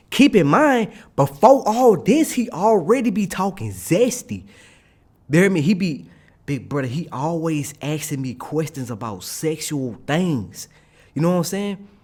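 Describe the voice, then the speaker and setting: Young guy spinning a work story, kinda high voice, lively and slangy. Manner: animated, slangy, keeps asking "you hear me?". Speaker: streamer. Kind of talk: casual storytelling.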